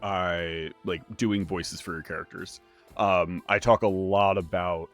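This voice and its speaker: A man co-hosting a casual gaming chat, talking in a halting way with frequent ums and trailing off. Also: deep voice, fairly even intonation, faint music behind. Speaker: podcast co-host.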